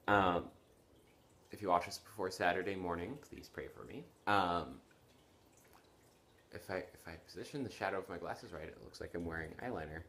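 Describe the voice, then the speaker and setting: A man's voice: deep voice, normal speed, pauses often, a bit bright, a little hiss or hum. A young man in his late teens chatting casually to camera from his bedroom, tired and yawning, rambling apologetically with lots of fillers and restarts. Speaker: vlogger. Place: bedroom at home.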